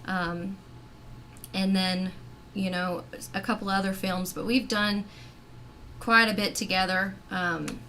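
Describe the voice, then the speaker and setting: A woman's voice: mid-range voice, little pitch movement, a little slow, sharp tone, slight background noise. A woman guest on a video call, talking about her acting in a chatty, rambling way full of fillers. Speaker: actress and filmmaker guest. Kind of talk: casual chat.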